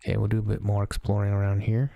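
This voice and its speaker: A man hosting a let's play, chatting casually and thinking aloud as he plays, often pausing with hesitations. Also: lowish voice, monotone, gravelly, mellow, highs cut off. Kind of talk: casual gameplay commentary.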